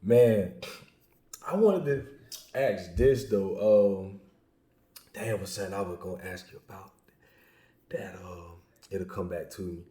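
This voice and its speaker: Laid-back man with a dark, echoey sound. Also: low voice, slow pace, long pauses. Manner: laid-back, affirming, lively bursts of emphasis. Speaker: podcast host. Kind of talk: casual interview chat.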